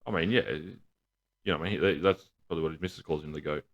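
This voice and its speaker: A man's voice: rumbling low, fairly even intonation, fast talker, muffled recording. A man, co-hosting a podcast, telling crude jokes and family stories with plenty of swearing and laughter. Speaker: podcast co-host. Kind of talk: casual banter.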